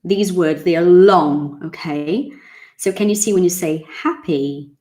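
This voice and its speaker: A woman, teaching English in a chatty, casual way and repeating words slowly so they can be drilled. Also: fairly low pitch, mellow. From Brazil. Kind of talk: casual online English lesson.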